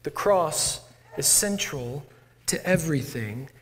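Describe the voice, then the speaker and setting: A man's voice: a little high, lively intonation, slow. A male pastor preaching a sermon in a church, conversational and self-deprecating. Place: church sanctuary. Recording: long church hall reverb.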